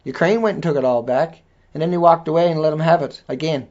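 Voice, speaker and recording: Furious high-voiced man ranting, profane. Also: fast talker, darkish tone. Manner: furious, profane, repetitive tirade. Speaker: video blogger. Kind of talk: angry ranting monologue. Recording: dull lo-fi recording.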